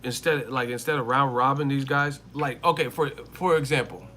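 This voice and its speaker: A man's voice: medium pitch, steady tone, moderate pace, bright, forceful tone, slight background noise. A man hosting a live boxing commentary stream, talking in a casual, slangy and emphatic way and repeating his points over and over. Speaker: boxing commentary channel host.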